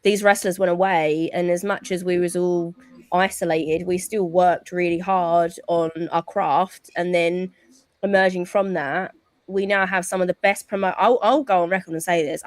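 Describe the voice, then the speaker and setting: A woman's voice: fairly low pitch, steady tone, moderate pace, no echo. A woman with a British accent, a wrestler guest chatting casually in an interview and laughing easily. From United Kingdom.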